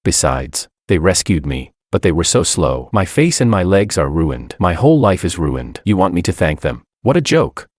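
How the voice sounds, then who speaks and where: A man's voice: deep voice, sing-song, normal speed, few pauses, darkish tone, dry recording, studio quality. A man voicing a bitter, disabled young wife who screams and sneers at everyone. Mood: furious.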